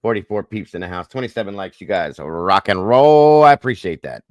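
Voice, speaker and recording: A man's voice: sits low, animated, fast, no echo. A man hosting a casual livestream chat, goofy and corny, greeting viewers by name. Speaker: livestream host.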